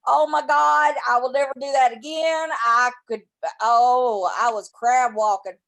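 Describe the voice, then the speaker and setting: Animated woman exclaiming in casual chat. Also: high-pitched, measured pace, vocal fry.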